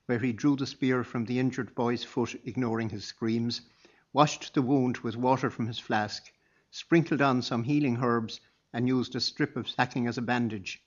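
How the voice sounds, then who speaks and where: A man narrating an audiobook chapter in a measured, even storytelling manner. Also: mid-range voice. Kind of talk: scripted narration. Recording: dull lo-fi sound.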